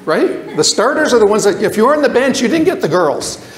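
An older man giving a lecture, animated, asking the audience questions and repeating himself for emphasis. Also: high-pitched, a little fast, roomy sound. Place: lecture hall.

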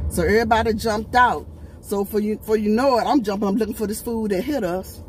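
A woman's voice: medium pitch, brisk. A woman vlogger telling a storytime to camera, talking emphatically and straight to her viewers. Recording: loud traffic noise behind the voice.

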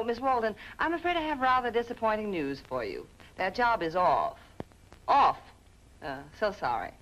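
A sly, brisk secretary. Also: female voice, mid-range voice, fairly bright tone, low-quality recording. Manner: brisk, dryly coy. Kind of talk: 1940s film acting.

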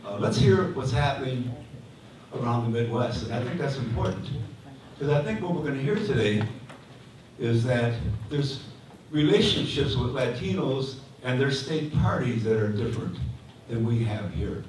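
A man's voice: medium pitch, lively intonation, normal speed. A man moderating a panel at a conference, introducing the speakers with joking asides and many restarts. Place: community hall. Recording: echoey hall from far off, faint noise.

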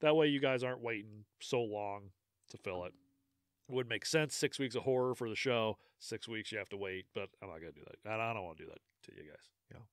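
A man hosting a casual podcast, talking through show plans in a loose, rambling way. His voice is smooth and clear, recorded dry and close with no room sound. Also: fairly low pitch, a little fast, no echo. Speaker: podcast host. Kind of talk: casual chat.

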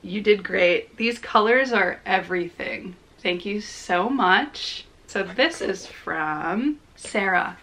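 A young woman crochet vlogger chatting casually while unboxing, gushing and excitable with gasps and giggles. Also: mid-range voice, slow, few pauses.

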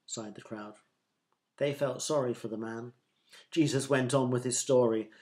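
A man reading a Bible story aloud for a short church thought of the day, clear and even. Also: medium pitch, moderate pace. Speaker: church speaker.

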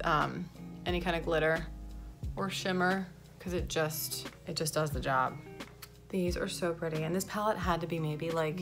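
Chatty slightly breathless woman, low voice. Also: gravelly. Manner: chatty, filler-heavy, enthusiastic about products. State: a bit out of breath. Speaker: makeup artist. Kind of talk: casual makeup tutorial.

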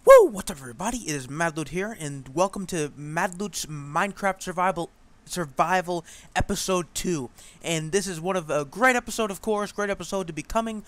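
A gaming channel host does a let's play commentary on a game play-through, chatting in a rambling way with lots of fillers. His voice sits high and a bit bright, and he talks briskly with few pauses.

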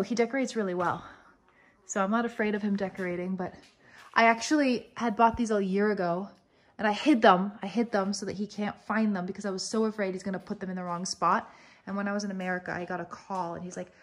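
An excited woman chats her way through a farmhouse renovation tour. She talks quickly and casually, in an everyday mid-pitched voice. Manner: excited, fast-talking, chatty. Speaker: vlogger showing a renovated farmhouse. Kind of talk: casual walk-through vlog.

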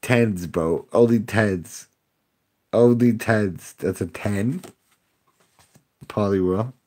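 A man's voice: lowish voice, slow pace, a little mellow. A young man live-streaming card pack openings, chatting with viewers, sarcastic and laughing often. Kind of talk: casual live-stream chat.

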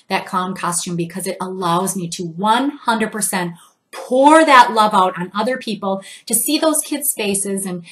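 A woman's voice: mid-range voice, fairly bright tone. A middle-aged woman giving an upbeat motivational talk, acting out little everyday exchanges as she goes. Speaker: motivational speaker.

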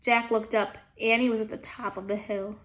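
A woman teacher reading a children's storybook aloud in a gentle, calm manner as she guides young listeners. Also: fairly high pitch, moderate pace.

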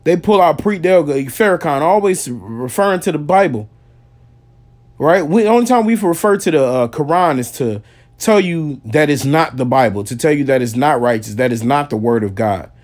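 Emphatic preacher man, slightly high voice. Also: expressive, normal speed, a little mellow. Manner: emphatic, repeats "man" and "y'all", reads verses aloud. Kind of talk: street sermon with scripture reading.

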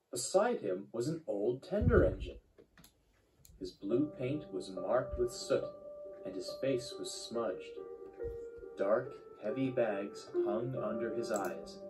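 A man narrating a children's train story in a measured, expressive storytelling manner. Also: fairly low pitch, low-quality recording. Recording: loud background music.

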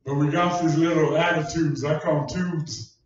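A man's voice: on the high side, fairly even intonation, moderate pace. A man preaching a sermon, telling a personal story in a folksy, conversational way. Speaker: pastor. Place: church hall. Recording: distant echoey church recording, dull sound.

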